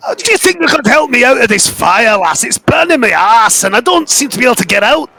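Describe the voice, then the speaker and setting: A tiny sweary Scottish mushroom brawler. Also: male voice, sing-song, quick pace, gravelly, a little hiss or hum, exaggerated voice. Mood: chummy. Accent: put-on Scottish. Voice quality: shrill, yelling, relentless swearing. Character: tiny foul-mouthed furious male mushroom warrior.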